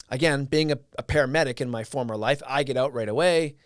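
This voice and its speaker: A man's voice: mid-range voice, normal speed, dry recording, studio quality. A man hosting a casual livestream, telling a story in a loose, rambling way with lots of fillers and restarts. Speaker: live stream host.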